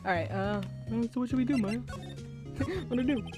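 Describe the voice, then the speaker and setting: A woman's voice: on the high side, moderate pace. Giggly woman streaming a game. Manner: giggly, chatty asides. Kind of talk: live game playthrough with commentary. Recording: game music underneath.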